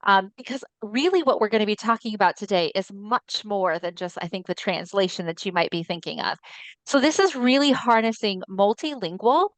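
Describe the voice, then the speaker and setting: Here a woman from an ALS voice nonprofit teaches a webinar over a video call mic, speaking at a moderate pace in a mid-range voice. The recording is dry, and her friendly explanations include lots of ums.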